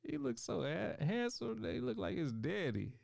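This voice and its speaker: A man hosting a casual talk show interview, playful and animated, laughing often and talking straight to his viewers. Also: sits high, moderate pace, gravelly, no echo, clean studio sound.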